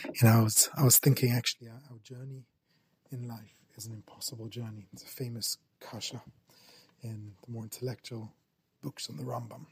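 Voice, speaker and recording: A man's voice: mid-range voice, flat delivery, brisk, breathy edge. A middle-aged man giving an earnest Torah talk as a rabbi, repeating phrases for emphasis. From England.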